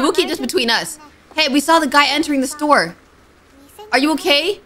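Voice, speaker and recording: A woman's voice: high-pitched, fairly quick, fairly bright tone. A young woman streaming a game, chatting to herself and reading the characters' lines aloud. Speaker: gaming streamer. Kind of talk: playthrough commentary with read-aloud dialogue.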